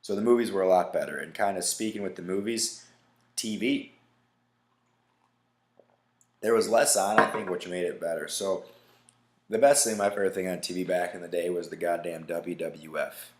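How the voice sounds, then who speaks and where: A man's voice: sits low, normal speed, long pauses. Diepe, vloekende podcastman in een galmende kamer. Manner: profane, emphatic, keeps asking "right?". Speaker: podcast host. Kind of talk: casual solo podcast rant. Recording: echoey room.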